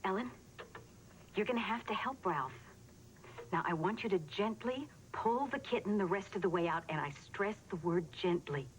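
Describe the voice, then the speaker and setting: A woman's voice: medium pitch, expressive, normal speed, slight background noise, close to an everyday voice. An actress playing a fierce, protective mother who talks her child through a crisis on the phone, then turns on her captors. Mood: soothing. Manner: soothing on the phone, then furious and scolding. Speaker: waitress held hostage. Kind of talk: 1980s sitcom acting.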